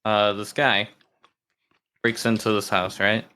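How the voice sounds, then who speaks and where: A man with a bright, somewhat low voice tells jokes on a casual podcast. He swears freely and slips into the characters' lines as he goes. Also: level tone, takes it slowly, clean tone. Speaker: podcast co-host. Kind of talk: casual chat, telling jokes.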